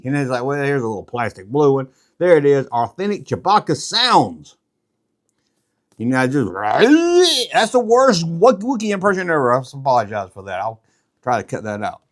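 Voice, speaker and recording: Casual vlog host, middle-aged man, slightly high voice, lively jokey rambling delivery. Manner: rambling, joking, animated. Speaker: YouTube collectibles host. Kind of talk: casual show-and-tell vlog.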